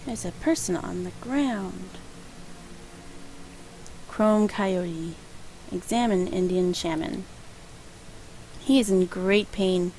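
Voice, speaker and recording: A woman's voice: fairly low pitch, slow pace, pauses often, a little mellow, slight background noise, rough recording. Chatty woman narrating her gameplay. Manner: chatty, rambling, laughs at her own jokes. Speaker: let's play host. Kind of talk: casual gameplay commentary.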